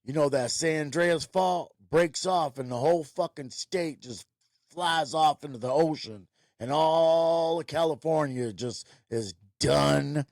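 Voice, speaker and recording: A man's voice: a little high, measured pace, darkish tone, dry recording, clean studio sound. A man hosting a ranting commentary show, talking in a blunt, profane, rambling way. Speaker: host.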